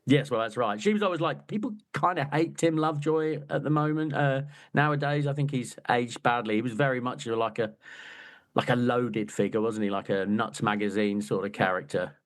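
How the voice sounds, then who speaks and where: A man's voice: medium pitch, normal speed. A man co-hosting a podcast, chatting casually about a football book with a wry, joking manner. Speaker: podcast co-host. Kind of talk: casual chat.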